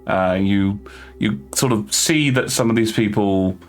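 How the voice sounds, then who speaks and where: A man narrating as game master of a tabletop game, halting with many fillers and restarts. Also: on the low side, faint music behind.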